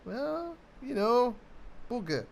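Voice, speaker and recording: A man's voice: extremely high pitch, sing-song, slow, gravelly, darkish tone. A man with a Northern English accent giving casual, self-mocking let's-play commentary and reading game text aloud. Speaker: gameplay streamer. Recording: faint background game music.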